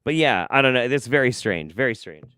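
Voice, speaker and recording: A man's voice: medium pitch, animated, fairly quick, pushed and bright, smooth, no echo, studio quality. A man hosting a live stream, reacting to clips with incredulous, profane, sarcastic commentary.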